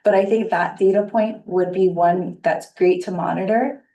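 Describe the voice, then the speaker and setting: Woman board member, measured and thoughtful, dark mellow tone, distant echoey room mic. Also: lowish voice, fairly even intonation. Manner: measured, thoughtful, with many fillers. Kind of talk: public meeting remarks.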